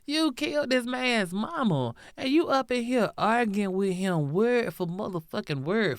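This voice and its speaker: A woman hosting a true-crime podcast, telling the story in a sassy, profane, animated way. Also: mid-range voice, measured pace, few pauses, clear, resonant tone, no room sound, studio quality. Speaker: podcast host.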